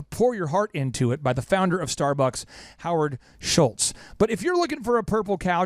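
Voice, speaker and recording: A male podcast host talks business in a high, bouncing voice that swoops up and down. He leans hard on key words and repeats lines for punch, and the sound is close and dry. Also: no echo. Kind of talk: energetic business podcast talk.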